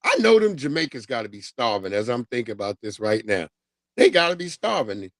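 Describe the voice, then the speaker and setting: A middle-aged man hosting a casual livestream, ranting in a loose, profane, animated way and laughing often. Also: mid-range voice, fairly quick, no room sound. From New York. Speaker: livestream host.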